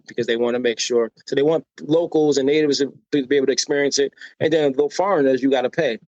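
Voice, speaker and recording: A man's voice: mid-range voice, no room sound, dull audio. An American man being interviewed on a podcast. He tells personal stories with energy and acts out the voices of people he quotes, often adding "right?" to draw the listener in. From United States. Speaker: podcast guest.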